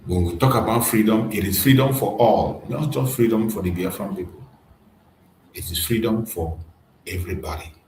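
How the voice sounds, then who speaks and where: Man, activist commentator, emphatic and repetitive, low voice, faint background hiss. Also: moderate pace, a little mellow. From Nigeria. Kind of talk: impassioned political commentary. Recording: echoey room with faint noise.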